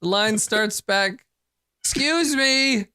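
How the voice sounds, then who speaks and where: A man putting on a prim snail-woman, high and huffy. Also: slow pace, pushed and bright, smooth, no room sound, clean studio sound, exaggerated voice. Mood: indignant. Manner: indignant, clipped protest. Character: prim part-snail woman waiting in line.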